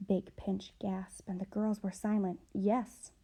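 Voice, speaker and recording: A woman narrating a children's book with expressive, measured storybook reading. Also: mid-range voice, breathy edge. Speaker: audiobook reader.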